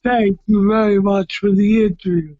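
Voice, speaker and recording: A middle-aged man from Massachusetts, a retired boxer telling stories in an interview, loud and excitable, often shouting and restarting his sentences. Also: high voice, moderate pace, no room sound, dull audio. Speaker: retired heavyweight boxer, guest. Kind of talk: casual storytelling interview.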